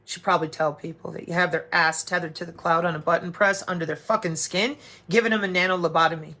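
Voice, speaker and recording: Bright-voiced, profane ranting woman. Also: on the low side, fast talker. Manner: profane, sarcastic, animated, slips into mocking voices. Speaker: vlogger. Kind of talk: ranting monologue to camera.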